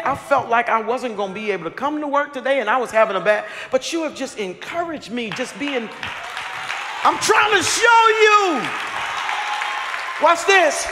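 A high, bright-voiced male pastor preaches in a storytelling style, his pitch leaping around as he acts out scenes. The sound carries a long hall reverb, with a congregation faintly audible. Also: normal speed, noisy background. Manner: animated, acts out people in his story, laughing and shouting at times. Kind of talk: storytelling sermon. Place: large church sanctuary with congregation. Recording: live church hall with faint crowd.

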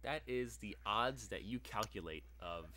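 Young man, low voice, game master narrating a tabletop fight, loose and halting with fillers. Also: lively intonation, sharp tone.

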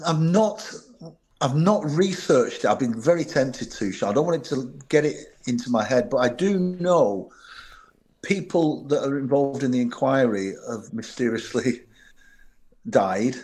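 A man's voice: mid-range voice, expressive, measured pace, darkish tone. Man retelling bodyguard stories. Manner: anecdotal, retells dialogue, frequent restarts. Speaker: former royal bodyguard. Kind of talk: storytelling interview.

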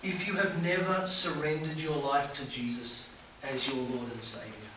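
A man preaching a sermon as a visiting preacher, moving between loud fervent appeals and hushed soft passages. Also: mid-range voice, steady tone, normal speed, background noise. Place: church hall. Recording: echoey church from far off.

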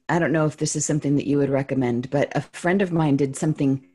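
Woman podcast host, lowish husky voice, curious and chatty, keeps restarting sentences. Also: fairly even intonation, fast, mellow. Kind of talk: conversational interview.

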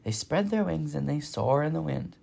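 A man voicing a calm, patient female robot mother in a storybook, speaking in a measured, matter-of-fact way. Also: a little high, vocal fry, breathy edge, heavily acted.

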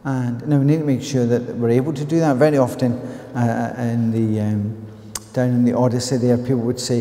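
An earnest Northern Irish man delivers a sermon in a mellow, soft-edged voice, telling stories and stumbling over restarts as he goes. His words ring through a church with a long, roomy echo. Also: mid-range voice, fairly even intonation, a little fast. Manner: earnest, storytelling with frequent restarts. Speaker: preacher. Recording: echoey church reverb.

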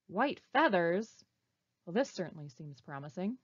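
Woman librarian, storytime reader, unhurried and expressive, quizzes the kids, dull dry recording. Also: medium pitch, dry recording. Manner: animated, asks children questions. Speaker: children's librarian. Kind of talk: reading a picture book aloud. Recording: dull, slightly muffled recording.

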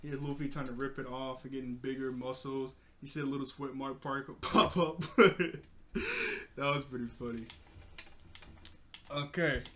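A man's voice: medium pitch, flat delivery, moderate pace, fairly bright tone. A man casually recapping an anime episode. He laughs often and keeps correcting himself as he goes. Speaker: anime reviewer.

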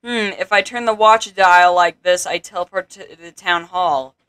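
A man talking casually over his own gameplay, thinking out loud and reading on-screen text aloud. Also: high voice, normal speed, clear, resonant tone. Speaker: gameplay video maker.

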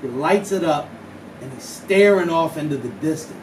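A man telling a profane tall tale live, in a drawling deadpan manner broken by sudden yelps. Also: fairly high pitch, normal speed, recorded from a distance, slight background noise. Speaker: storyteller. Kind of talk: live spoken-word storytelling over guitar. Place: live venue. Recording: roomy live recording from off mic. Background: plucked guitar music.

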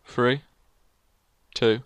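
A young man hosting a casual let's play, joking around and saying "literally" a lot. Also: extremely slow. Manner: jokey, excitable, says "literally" a lot. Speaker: gaming channel host.

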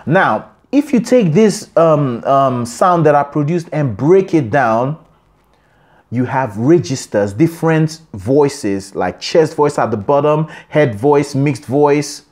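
Man, vocal coach, lively swooping pitch, slightly high voice, short explaining phrases. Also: takes it slowly. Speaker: singing coach. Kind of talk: vocal lesson with sung examples.

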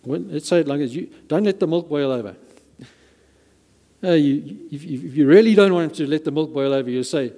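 A man's voice: a little high, fairly quick, warm tone. A man preaching a sermon as pastor, emphatic and given to repeating words for stress. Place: church hall. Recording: reverberant church hall.

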